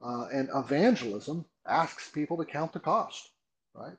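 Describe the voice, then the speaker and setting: A man's voice: on the high side, lively intonation, unhurried, vocal fry, poor audio. A man, a pastor being interviewed, explaining doctrine earnestly with rhetorical questions and emphatic repeats. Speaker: pastor guest. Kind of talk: conversational teaching interview.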